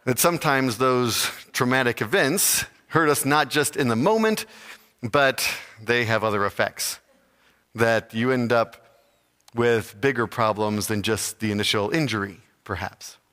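A man giving a slow, reflective, sermon-like talk with pauses. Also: medium pitch, lively intonation, sharp tone, big-room sound.

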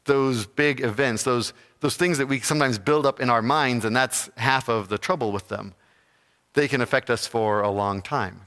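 A man giving a slow, reflective, sermon-like talk with pauses. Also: medium pitch, fairly bright tone, long reverb tail.

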